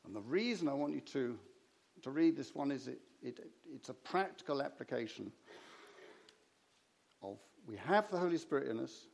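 A man's voice: mid-range voice, expressive, normal speed, vocal fry, long pauses. A man preaching a sermon, telling stories and acting out the conversations in them. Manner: anecdotal, acts out conversations in his stories.

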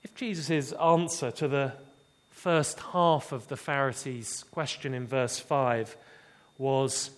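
A man preaching a sermon, expressive and dramatic, dropping low and quiet for emphasis. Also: slow pace.

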